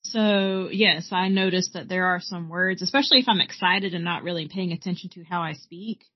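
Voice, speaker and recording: A woman's voice: lowish voice, moderate pace, no room sound, highs cut off. A woman in her thirties co-hosting a podcast, telling stories in casual chat while watching a film. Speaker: podcast co-host. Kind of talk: casual chat during a movie watch-along.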